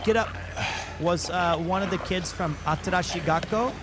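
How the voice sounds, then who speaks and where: Loud music plays under this man's high voice as he streams a game at a moderate pace, with noticeable background noise too. He chats casually with viewers, joking and laughing often during his gameplay commentary.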